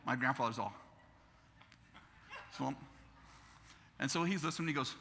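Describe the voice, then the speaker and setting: A man in his fifties with an American accent, a pastor telling a story in a sermon, animated and laughing as he acts out the other people in it. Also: mid-range voice, normal speed, long pauses, slight background noise. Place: church sanctuary.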